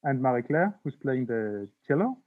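A man hosting a podcast interview, polite and slightly halting. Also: medium pitch, big pitch swings, slight background noise. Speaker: podcast host. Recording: tinny phone-like sound.

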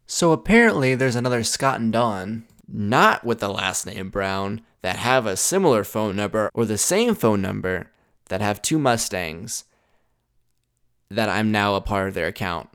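Young male podcast host, blunt, self-deprecating storyteller, slightly low, resonant, dry close mic. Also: lively intonation, a little slow, a bit bright, clean tone, no room sound. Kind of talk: casual storytelling monologue.

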